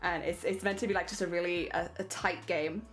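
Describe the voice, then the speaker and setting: A woman's voice: fairly low pitch, fairly even intonation, a little fast, fairly bright tone, soft background music. A young British woman chatting casually with her viewers during a craft stream, laughing often. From Britain.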